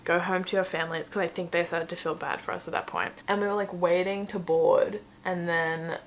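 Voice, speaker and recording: A woman's voice: lowish voice, fairly even intonation, normal speed, slight background noise. A young woman with an Australian accent, telling a story in a casual, chatty vlog, full of swearing and "like". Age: young adult. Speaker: vlogger.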